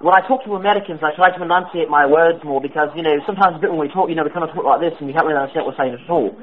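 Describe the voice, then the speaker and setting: A British man calling in over a tinny, phone-like line, talking fast and rambling with plenty of "you know" and "uh". His voice sits a bit high. He keeps restarting his sentences. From Britain. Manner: rambling, full of fillers and restarts. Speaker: caller.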